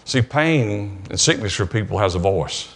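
A man preaching a conversational sermon at a church service, plain-spoken and storytelling, often clearing his throat. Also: on the low side, expressive, normal speed, a bit bright.

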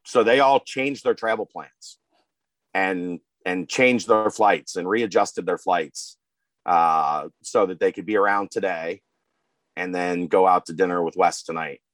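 A man in a casual sports chat, telling a story in relaxed slang with many fillers. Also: low-pitched, measured pace, dry recording.

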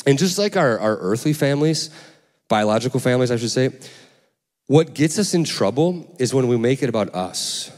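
Conversational pastor preaching in a reverberant hall. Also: male voice, moderate pace. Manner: conversational, repeats and restarts words often; lively storytelling with sudden pitch jumps. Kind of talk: sermon. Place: church sanctuary.

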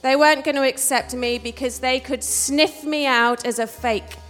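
Woman storyteller, working-class English accent, high voice, wry and self-mocking, live on stage with hall reverb. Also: steady tone, normal speed, fairly bright tone, faint music behind. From England. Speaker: storyteller, actress. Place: theater stage.

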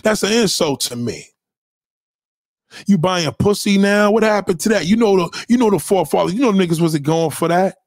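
A man delivering a profane, confrontational ranting monologue, swinging between loud outbursts and low mutters. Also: expressive, moderate pace, no echo, clean studio sound.

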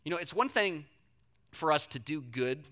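A preacher delivering a sermon who speaks directly to the listeners, swinging between loud emphasis and soft, slow passages. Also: medium pitch, lively intonation.

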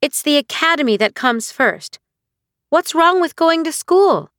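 High fierce young noble girl pushing back hard, read by a woman, dry close sound. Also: lively intonation, measured pace, fairly bright tone, dry recording. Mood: indignant. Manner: heated, pleading protests. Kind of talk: audiobook character reading.

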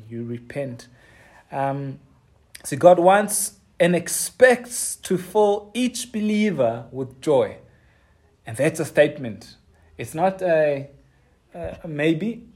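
Earnest halting male preacher. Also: on the high side, darkish tone. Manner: earnest, halting, with many fillers and restarts. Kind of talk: sermon.

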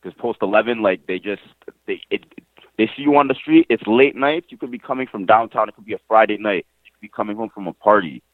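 A man's voice: on the low side, fast talker, no echo. Young man on a tinny phone line. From Montreal. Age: young adult. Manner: emphatic street slang, repeats phrases, swears. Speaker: interviewee, nephew of the deceased. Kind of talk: casual, heartfelt storytelling.

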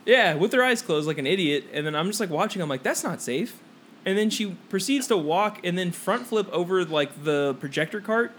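A man's voice: high voice, animated, a little fast, a bit bright, slight background noise. A young man co-hosting a podcast, rambling through a school story, laughing often and acting out the people in it. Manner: rambling, laughing, swears a lot, acts out quotes. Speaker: podcast co-host. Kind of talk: casual storytelling among friends.

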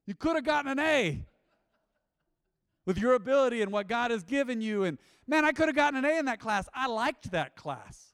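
A man preaching a sermon in a church, animated and emphatic, acting out quotes. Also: very high voice, brisk, hardly any pauses, clean tone, no echo, studio quality, long reverb tail. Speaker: pastor.

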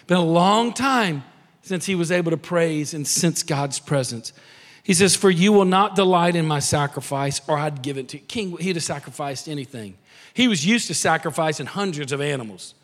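A man preaching a sermon as pastor, dropping to soft near-whispers and building to shouted emphasis. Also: high-pitched. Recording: long hall reverb.

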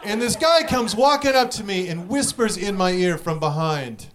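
A young man's high, animated voice, fairly bright in tone, carries a stand-up routine of quick, profane storytelling with act-outs. Audience laughter rises in the background.

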